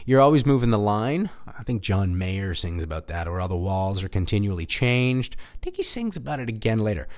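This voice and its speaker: A man's voice: sits low, expressive, fairly quick, few pauses. A man in his thirties hosting a podcast, telling a candid, rambling personal story in a self-deprecating way and swearing now and then. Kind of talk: casual monologue.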